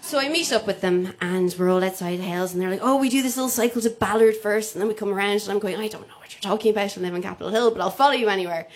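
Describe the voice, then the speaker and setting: A woman's voice: medium pitch, rapid-fire, few pauses. A woman telling a comic personal story live, acting out the voices of the people in it. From Ireland. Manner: comic, animated, acts out quoted voices.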